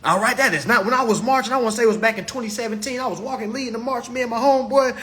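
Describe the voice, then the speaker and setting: A man on a live phone stream giving an impassioned monologue, swinging from loud exclamations to low muttering and repeating "all right?" constantly. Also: rapid-fire. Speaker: livestream host.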